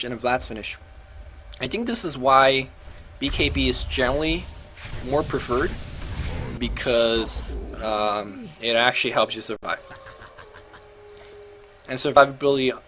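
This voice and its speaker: A man's voice: medium pitch, sharp tone, a little hiss or hum. A man casually commentating and coaching over a video game match, chatty and thinking aloud, often correcting himself.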